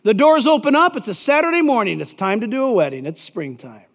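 A man's voice: very high voice, expressive, fairly quick, a bit bright. A middle-aged male pastor preaching a sermon in a conversational, emphatic way, reading Scripture aloud in a large sanctuary. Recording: long reverb in a large church.

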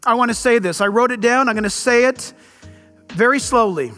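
A middle-aged male pastor preaching a sermon with impassioned, animated delivery and sudden loud bursts. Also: very high-pitched, fairly quick, soft background music.

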